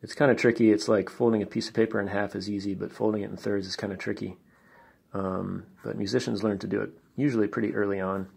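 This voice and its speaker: A man teaching drums, explaining patiently step by step and counting beats out loud. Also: fairly low pitch, flat delivery, quick pace, gravelly. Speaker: drum teacher. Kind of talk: instructional explanation.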